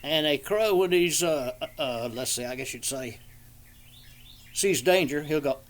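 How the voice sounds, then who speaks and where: A man's voice: fairly high pitch, animated, unhurried, very noisy. An older man with a Southern American accent chatting casually outdoors in a backyard, rambling in a folksy way and imitating bird calls. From southeastern Georgia, USA. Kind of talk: casual outdoor chat with bird call demonstrations.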